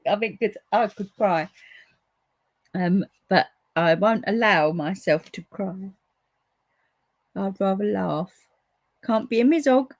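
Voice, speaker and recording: A woman talks her viewers through a colouring demo in a relaxed, chatty way. She speaks slowly at a mid pitch. Her voice sounds close and dry. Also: no echo. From United Kingdom. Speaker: papercraft demonstrator. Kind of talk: casual live craft demonstration.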